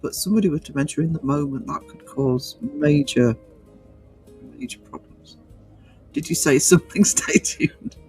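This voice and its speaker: A man's voice: fairly high pitch, moderate pace, darkish tone, faint music behind, poor audio. A man hosting a livestream, chatting casually through viewer comments with many fillers and restarts. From North East England. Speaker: livestream host.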